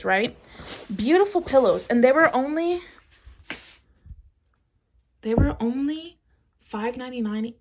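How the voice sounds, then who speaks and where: A young woman in her twenties chats brightly to her camera at home, full of gushing asides and filler words. Her voice sits a little high, with a husky edge and a gravelly fry at the ends of phrases. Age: 20s. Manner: bubbly, chatty, says "literally" and "like" a lot. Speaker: vlogger. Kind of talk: casual chat.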